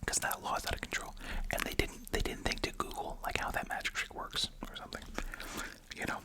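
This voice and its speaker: Fairly quick in delivery, this ASMR host whispers a wry, talkative commentary around a piece of gum, full of side remarks and rhetorical questions.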